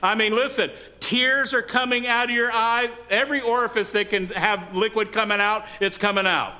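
A high-voiced middle-aged pastor gives a church sermon at a normal speed. Full of lively storytelling, he repeatedly asks the congregation to respond.

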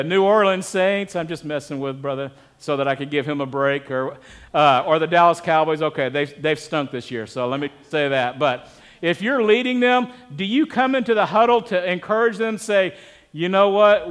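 A man with a high, light voice preaches to his congregation. He keeps it conversational and draws the room in with questions and asides. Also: moderate pace, a bit bright, clear, resonant tone. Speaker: pastor. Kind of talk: sermon.

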